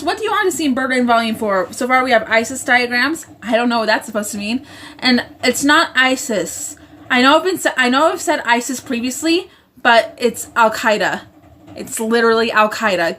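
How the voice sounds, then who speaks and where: There's a little hiss or hum behind this woman's slightly high, fairly bright voice. Hosting a casual livestream at home with a roommate next door, she reads viewer comments out loud, rambles, and often corrects herself in the middle of sentences.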